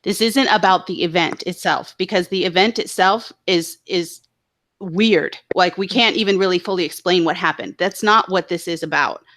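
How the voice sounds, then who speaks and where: A woman on a livestream panel, trying to calm things down with soothing, placating words. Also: on the low side, moderate pace.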